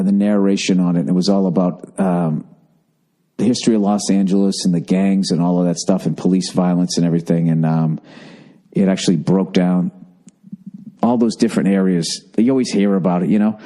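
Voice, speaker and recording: A man's voice: low voice, a little fast, mellow. A middle-aged man hosting a solo podcast, rambling in a profane, exasperated comic rant, overfull and thirsty. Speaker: podcast host.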